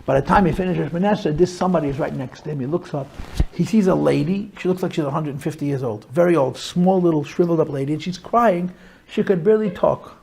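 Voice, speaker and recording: A middle-aged man, a rabbi, telling a story to a small group with animated emphasis, stretching words as he goes. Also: on the high side, quick pace, gravelly, slight background noise.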